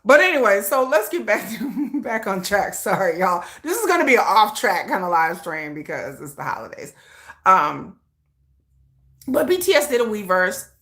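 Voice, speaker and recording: A woman hosting a casual livestream, chatting loosely, laughing often and breaking into excited shrieks. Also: medium pitch, normal speed. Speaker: livestream host.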